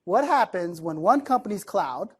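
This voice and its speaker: A man from the East Coast of the United States giving a conversational keynote talk to a room of listeners, chatty and lively, often asking the audience questions. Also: high voice, normal speed, husky. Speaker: keynote speaker.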